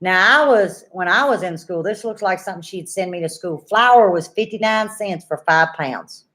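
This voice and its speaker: An older woman who hosts a homesteading channel chats and tells stories to her viewers in a folksy, down-home style. Her voice is lowish and fairly bright, at a moderate pace.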